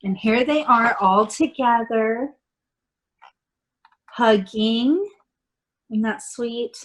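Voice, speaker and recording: Woman reading a kids' picture book aloud, chatty and lively, a bit high-pitched. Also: very slow, poor audio. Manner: animated, chatty, laughs often. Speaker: storybook reader.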